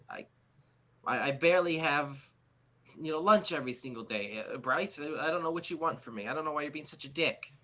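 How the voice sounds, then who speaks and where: A man's voice: fairly high pitch, sharp tone. A man voicing a timid teenage boy who stammers and pleads nervously.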